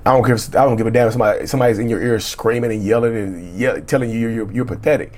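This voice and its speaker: A man's voice: medium pitch, steady tone, racing, darkish tone. A middle-aged man speaking as a relationship coach, giving emphatic, repetitive, blunt motivational talk with cussing.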